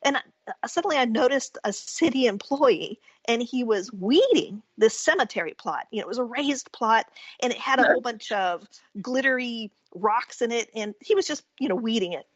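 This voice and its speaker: Husky-voiced woman telling a story, lo-fi. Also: a little high, moderate pace, dry recording. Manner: animated storyteller who acts out quotes and laughs often. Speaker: guest folklorist and author. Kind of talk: casual storytelling on a talk radio show. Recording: dull lo-fi radio-call sound.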